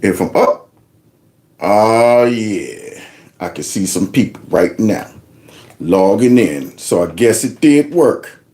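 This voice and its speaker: A man's voice: fairly low pitch, lively intonation, takes it slowly, darkish tone. A man hosting his own livestream, talking loose and folksy and joking along. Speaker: livestream host. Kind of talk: casual live commentary.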